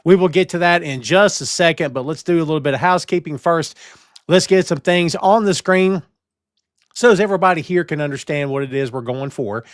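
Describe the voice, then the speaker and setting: Man, podcast host, playful and theatrical, slightly high voice, dry close sound. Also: brisk, no echo. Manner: playful, theatrical, reads chat aloud. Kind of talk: casual live-stream chat.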